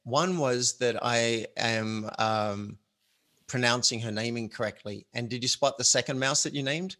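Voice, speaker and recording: A man's voice: medium pitch, a little slow, sharp tone. A man hosting a casual conversation, talking in an earnest, reflective way and explaining ideas with simple analogies. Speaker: author and show host.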